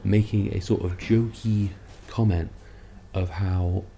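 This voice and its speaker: Deep gravelly man, sarcastic rant. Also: fairly even intonation, slow, mellow, a little hiss or hum. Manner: sarcastic, rambling, self-mocking. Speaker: content creator. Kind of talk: ranting commentary vlog.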